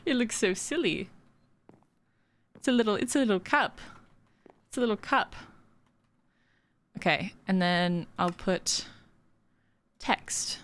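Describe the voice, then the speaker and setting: A woman's voice: medium pitch, animated, takes it slowly, pauses often, fairly bright tone. A woman streamer chatting casually while building in a game, giggly and full of fillers. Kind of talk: casual gaming stream chat.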